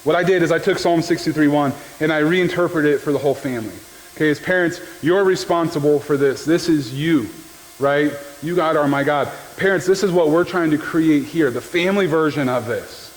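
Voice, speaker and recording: Male pastor, casual jokey sermon delivery, slightly raised pitch, faint room noise. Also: fairly quick. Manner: conversational and joking, often checks in with "right?". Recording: long hall reverb with faint background noise.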